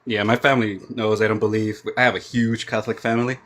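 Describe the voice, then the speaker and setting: Male guest, slightly low, bright forceful tone, plain short answers. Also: flat delivery, quick pace. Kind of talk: casual live-stream chat.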